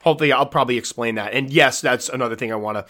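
A congested man with a nasal, stuffy voice rattles quickly through a casual podcast monologue. He rambles in a friendly, self-deprecating way and often restarts his sentences mid-thought. His voice sits at an ordinary middle pitch. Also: pushed and bright. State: stuffy, congested nose from allergies. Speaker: podcast host.

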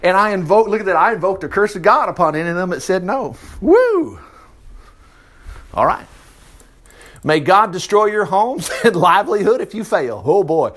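A man preaching a sermon, reading scripture aloud and breaking in with folksy, animated asides and acted-out voices. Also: high-pitched, fairly quick, few pauses.

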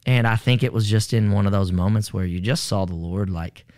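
A man's voice: on the low side, fairly quick, a little mellow. A man giving an earnest personal testimony, rambling with many fillers. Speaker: storyteller recounting a rescue.

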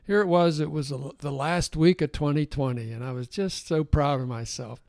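An older man co-hosting a podcast, telling a casual story with animated asides and frequent laughter. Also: a little high, normal speed, vocal fry, no echo, studio quality. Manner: animated anecdote-teller, laughs often. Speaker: podcast co-host.

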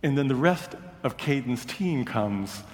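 Slow-speaking preacher in a reverberant hall. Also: male voice, medium pitch, expressive. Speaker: pastor. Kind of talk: sermon storytelling.

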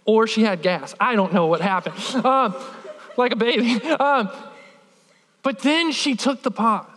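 High-voiced man telling a funny sermon story. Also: big-room sound. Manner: animated, humorous storytelling with many "like" fillers. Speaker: pastor.

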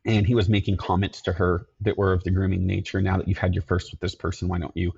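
Man, middle-aged, gravelly husky low voice; earnest halting storyteller. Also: little pitch movement, darkish tone, muffled recording. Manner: earnest, halting, repeats himself. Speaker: podcast guest, security company owner. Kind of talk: telling his life story.

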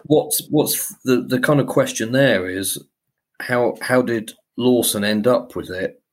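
A man's voice: medium pitch, unhurried. A man co-hosting a podcast, casually recapping a film's plot with frequent ums and hesitations. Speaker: podcast co-host. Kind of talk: casual film-discussion chat.

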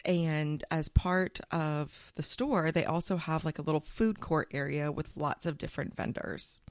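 A woman's voice: low-pitched, fairly even intonation, unhurried, no echo, clean studio sound. A woman hosting a podcast in casual chat, playful and jokey as she tells stories. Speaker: podcast host.

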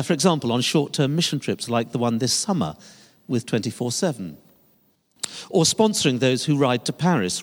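An older man, a pastor, preaching a sermon with emphatic, rising and falling delivery. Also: medium pitch. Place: church sanctuary. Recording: long reverb of a large church hall.

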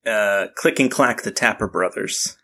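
A man's voice: on the low side, measured pace, pushed and bright. A man co-hosting a podcast, joking crudely and telling stories in casual chat. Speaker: podcast co-host.

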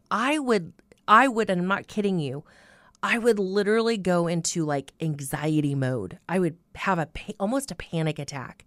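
A woman's voice: lowish voice, fairly bright tone, dry recording, clean studio sound. A woman hosting a Christian radio show, telling a personal faith testimony in an earnest storytelling way, with frequent fillers like "you know".

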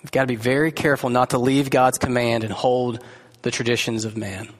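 A man's voice: medium pitch, level tone, a little fast. A man preaching a sermon to a live congregation in an earnest, conversational way, asking his listeners direct questions. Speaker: pastor. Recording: echoey hall reverb.

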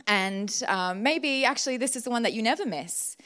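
High, smooth-voiced young woman preaching. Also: animated, normal speed. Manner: emotional, warm and candid, laughs and tears up at times. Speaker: guest preacher. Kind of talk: sermon. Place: church service.

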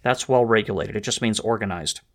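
A man's voice: fairly low pitch, a little fast. A man hosting a history and politics show, speaking in an emphatic, lecturing monologue and reading quotations aloud with added stress. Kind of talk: monologue on the Second Amendment.

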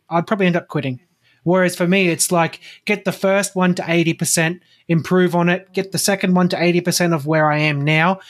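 A man hosting a podcast, talking reflectively in a casual way with lots of "like". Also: fairly high pitch. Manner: reflective, many fillers like "like". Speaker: podcast host.

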